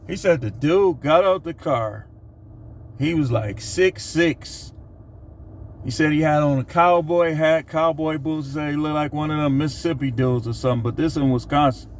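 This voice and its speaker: A middle-aged man telling a funny work story in a casual, animated monologue. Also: on the high side, normal speed, slight background noise. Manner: animated, laughs while telling. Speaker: vlogger.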